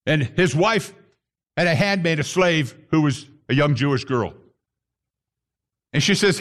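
A man preaching a sermon to a congregation, emphatic, with bursts that rise sharply in pitch. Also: animated, a little slow, pauses often, fairly bright tone. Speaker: pastor.

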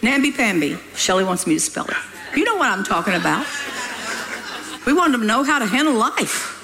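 A woman's voice: fairly high pitch, big pitch swings, a little fast, creaky, a crowd in the background, rough recording. An older woman preaching a sermon in a folksy, emphatic way, scolding her listeners with humor.

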